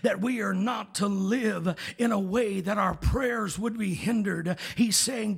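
A high, gravelly man's voice, bright and edgy, delivers a fiery sermon. He is very husky and raspy. He climbs to shouted exhortations, then drops to hushed asides, with frequent call-outs to the congregation. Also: a little slow, hardly any pauses. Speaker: pastor.

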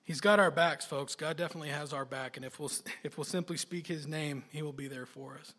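Bright-voiced folksy preacher man. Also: on the high side, a little fast. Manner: folksy, animated storytelling with sudden loud bursts. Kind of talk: sermon with personal stories.

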